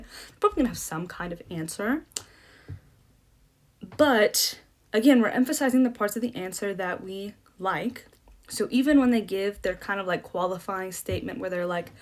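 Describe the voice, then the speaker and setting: Young female debate coach, casual and chatty, self-deprecating, mid pitch. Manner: chatty, self-deprecating, lots of fillers and restarts. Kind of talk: casual instructional explanation.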